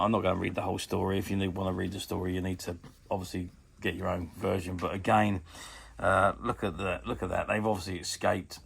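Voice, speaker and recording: A man's voice: deep voice, creaky, a bit bright, slightly rough. A man in his fifties giving a chatty, hesitant show-and-tell review of a collectable toy book. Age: 50s. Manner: chatty and hesitant, often pausing with ums.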